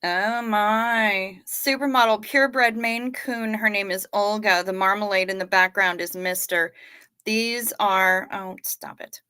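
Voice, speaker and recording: Speaking at a measured pace, a woman with a medium-pitched voice and fairly even intonation hosts a casual livestream. Her tone is bright, forceful, and clean as she reads viewers' comments aloud and chats back in a friendly, apologetic way.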